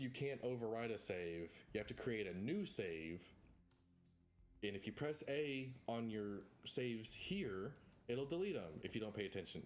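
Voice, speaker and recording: A man's voice: lowish voice, darkish tone. A man streaming a retro game, chatting casually and rambling with self-mocking asides. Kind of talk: casual gameplay chat. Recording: game music behind voice.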